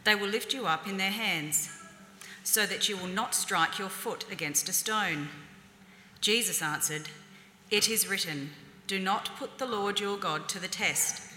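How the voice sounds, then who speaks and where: A woman reads scripture aloud at an even, measured pace. Her bright voice rings through a roomy church, with a faint hum of ambience behind. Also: medium pitch. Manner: measured, clear reading aloud. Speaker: scripture reader. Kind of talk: Bible reading. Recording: echoey church with faint noise.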